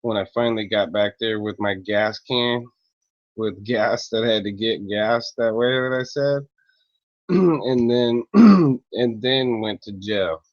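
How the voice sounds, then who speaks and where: A man rants at length and swears freely, clearing his throat as he goes. His voice sits low and his delivery drags slowly. The sound is dull and lo-fi, with a dry, close feel. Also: darkish tone, no room sound. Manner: profane, rambling, with frequent throat clearing. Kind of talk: casual angry rant to camera.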